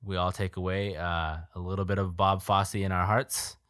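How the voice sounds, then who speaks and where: A man co-hosting a podcast in casual chat, joking and pausing with frequent ums. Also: deep voice, flat delivery, fairly bright tone, clear, resonant tone, no echo, studio quality. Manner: jokey, hesitant with frequent ums. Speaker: podcast co-host.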